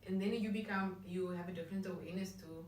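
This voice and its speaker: A woman's voice: on the low side, steady tone, fast talker, a little mellow, slight background noise. A woman from Cape Town in her thirties with a Cape Town accent, co-hosting a music vlog in a chatty, reflective way with many restarts. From Cape Town, South Africa. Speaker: vlog co-host. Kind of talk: casual discussion. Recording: echoey room, mic at a distance.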